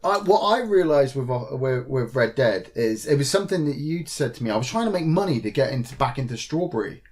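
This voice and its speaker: A man with a medium-pitched, brisk voice co-hosts a podcast in casual conversation. He swears a lot and acts out game characters in lively retellings of what happened.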